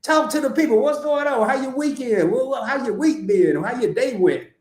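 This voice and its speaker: Southern male host, high and animated delivery, echoey room with music underneath. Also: normal speed. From Arkansas. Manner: animated, lively storytelling with repeated restarts. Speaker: podcast host. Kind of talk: casual live-stream chat.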